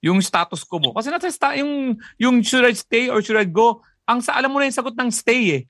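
A man chatting as co-host, wry and animated. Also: extremely high pitch, quick pace, no echo, studio quality. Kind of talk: casual chat.

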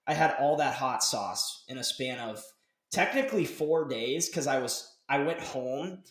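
A young man hosts a podcast from a dark home office. His rambling, animated chat is full of casual swearing. His medium-pitched voice bounces around a roomy space. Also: unhurried. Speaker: podcast host. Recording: roomy echo.

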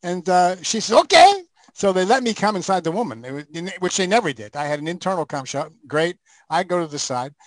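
Older man telling animated stories, high voice. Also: quick pace, dry recording, poor audio. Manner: animated raconteur, acts out scenes. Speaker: guest. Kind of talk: casual storytelling chat.

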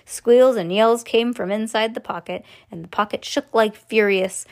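A woman reading a children's book aloud in an animated way, with joking asides. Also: a little high, normal speed. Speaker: reader.

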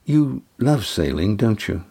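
A man voicing a young woman who speaks in a gentle, reassuring way in an audiobook. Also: fairly low pitch, very animated, takes it slowly, gravelly, slightly rough, exaggerated voice. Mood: tender. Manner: reassuring, coaxing. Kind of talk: audiobook character voice.

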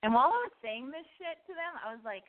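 A woman's voice: high-pitched, quick pace. Rambling woman with tinny phone-line sound. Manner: animated and rambling, many restarts and asides. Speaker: storyteller. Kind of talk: comic storytelling monologue.

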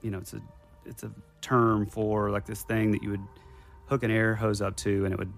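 Man, young adult, lowish voice, casual rambling storyteller, faint background music. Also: flat delivery, moderate pace, vocal fry. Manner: rambling, detail-heavy recounting with many restarts. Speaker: podcast guest telling a personal story.

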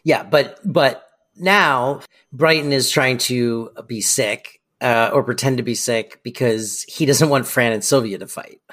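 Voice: mid-range voice, measured pace, a bit bright. Easygoing podcast co-host. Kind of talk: casual chat recapping a sitcom.

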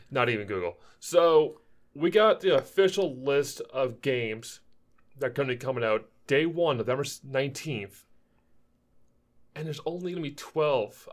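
A man co-hosting a gaming podcast in casual chat, excitable and playful, acting out the voices of people he quotes. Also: medium pitch. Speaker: podcast co-host.

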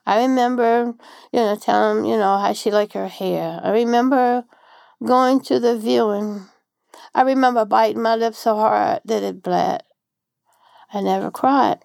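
A woman telling her own story in an interview, halting and repeating herself. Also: a little high, fairly even intonation, gravelly, a little mellow, no echo. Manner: halting, many fillers and repeats. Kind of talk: personal recollection.

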